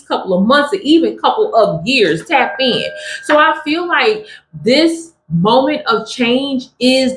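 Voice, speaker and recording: A woman gives a spiritual tarot reading in a fairly high voice, pressing each point with emphasis and returning to her catchphrases again and again. Her voice rings with a noticeable echo from the room she is recording in. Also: fairly bright tone. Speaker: tarot reader.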